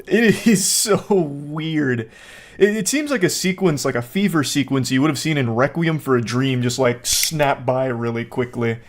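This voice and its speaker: Sarcastic, laughing man with a higher voice. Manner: sarcastic and incredulous, laughing often. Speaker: commentator. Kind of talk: comedic reaction commentary.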